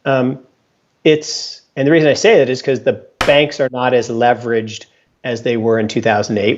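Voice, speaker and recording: Emphatic man on a dull lo-fi line. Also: mid-range voice. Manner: emphatic, repeats points, acts out quotes. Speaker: investment fund founder, guest. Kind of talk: animated market commentary. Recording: dull lo-fi sound.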